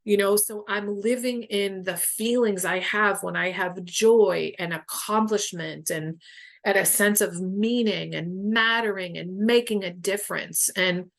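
A middle-aged woman talking as a podcast guest in a casual storytelling way. She is candid and expressive, swears without a second thought and fills her sentences with "like". Her pitch sits right in the middle for a woman. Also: creaky. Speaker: boundaries coach, podcast guest.

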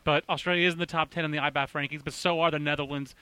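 Male host, bright and excitable, quick with restarts, dry close-mic sound. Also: fairly high pitch, clear, resonant tone, no echo. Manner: excitable, rapid, full of restarts. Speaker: baseball podcast host. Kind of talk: casual sports chat.

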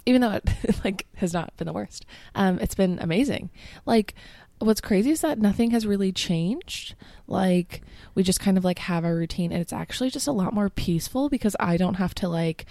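Groggy, gravelly young woman chatting. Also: mid-range voice, animated, normal speed, dark tone, no echo. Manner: chatty, laughing often, many "like" fillers. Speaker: podcast co-host. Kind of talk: casual chat.

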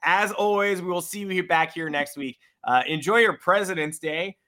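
A man's voice: high voice, moderate pace, pushed and bright. A man hosting a baseball podcast, chatting loosely and joking with plenty of fillers. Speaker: podcast host. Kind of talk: casual baseball podcast chat.

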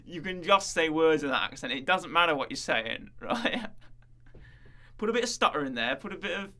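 A man's voice: a little high, lively intonation, normal speed, bright, forceful tone. A man co-hosting a casual chat, rambling and joking with many fillers. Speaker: podcast co-host.

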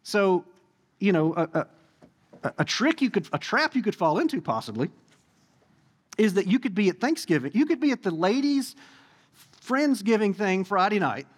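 A man in his forties gives a sermon in a church, speaking in a high voice that swings up and down with lively energy. He keeps it conversational and playful, tossing jokes and asides to the congregation between his points. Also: normal speed, long pauses, in a large hall. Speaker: pastor.

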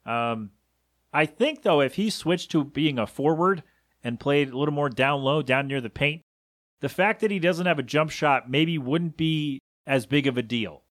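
Speaking at a moderate pace with a fairly high, slightly bright voice, a man hosts a solo sports podcast. The chat is casual and loose, full of self-corrections and wandering asides, and the studio-quality sound has no echo.

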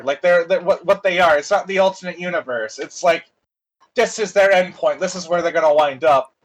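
High-voiced man rambling through a plot. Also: low-quality recording. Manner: rambling, loose, swears freely, many fillers. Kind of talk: casual chat retelling a movie plot.

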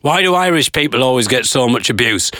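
A man, a stand-up comedian, retelling a gig in a casual, animated, laughing way. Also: mid-range voice, brisk, no room sound. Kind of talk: casual vlog storytelling.

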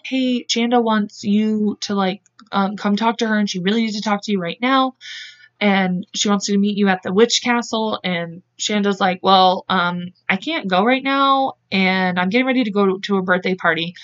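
A woman's voice: medium pitch, fairly bright tone. A woman hosting a podcast, telling a true-crime story in casual chat and acting out the quotes in voices. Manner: acts out quotes with voices, laughs often. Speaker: podcast host. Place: home. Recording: dull lo-fi podcast mic.

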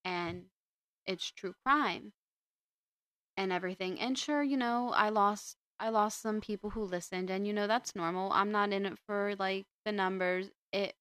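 A woman's voice: medium pitch, fairly even intonation, unhurried, fairly bright tone, dry recording. A young woman hosting a podcast, chatting casually and rambling with frequent restarts. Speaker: podcast host. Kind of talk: casual chat.

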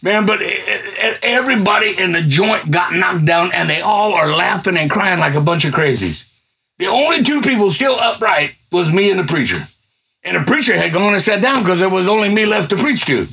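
Gravelly, high-voiced middle-aged man testifying. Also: moderate pace, a little hiss or hum. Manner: colloquial, excitable, swells into fervent near-shouting. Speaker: guest giving a testimony. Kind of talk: personal faith testimony, storytelling.

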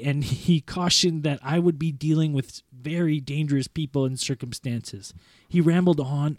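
A man reading a first-person story aloud in a measured, earnest way, as a podcast host. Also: a little high, a little mellow, no echo, clean studio sound.

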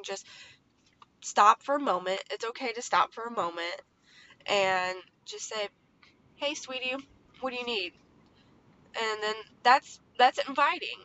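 A high, sharp-toned woman's voice belongs to a podcast host in her thirties who chats about parenting in a rambling, filler-laden way. Faint background noise and a slightly dull lo-fi sound mark the recording.

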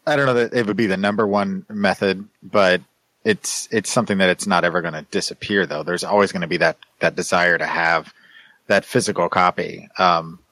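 A man's voice: low voice, fairly even intonation, a little fast, bright, forceful tone, dry recording. A man on a casual podcast, thinking aloud and restarting his sentences as he makes his point. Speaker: podcast co-host.

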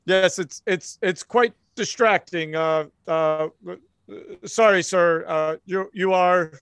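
A man's voice: high voice, slow pace, fairly bright tone, smooth, no echo, studio quality, full character voice. A man voicing a panicky, stammering police officer in a tabletop game. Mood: apologetic. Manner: flustered, stammering.

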